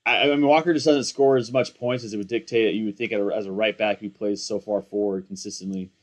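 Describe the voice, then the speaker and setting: A young man in casual commentary, excitable and rambling, slangy and self-mocking, hyped up on coffee. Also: fairly low pitch, fast talker. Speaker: fantasy football content creator.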